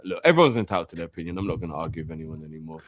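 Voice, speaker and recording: A lower-voiced man hosts a live fan show with a very lively, swinging delivery. His voice sounds dry and close, with no room in it. He is animated and quick to laugh as he reads viewer messages. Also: no room sound. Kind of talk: casual live-stream banter and reading viewer messages.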